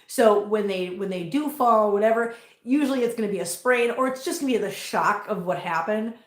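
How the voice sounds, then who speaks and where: A woman hosting a casual livestream from home, chatting with viewers and cooing at her cats in a high sing-song voice. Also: a little fast, roomy sound. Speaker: host. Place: home room full of cats. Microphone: laptop mic.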